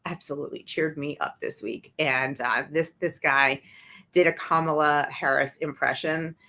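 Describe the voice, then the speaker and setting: A woman with a somewhat low voice hosts a livestream and talks straight to her viewers. Her delivery is indignant and biting, full of sarcasm. She speaks as the regular host of her own show. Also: fairly even intonation, normal speed, bright, forceful tone. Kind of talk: livestream commentary.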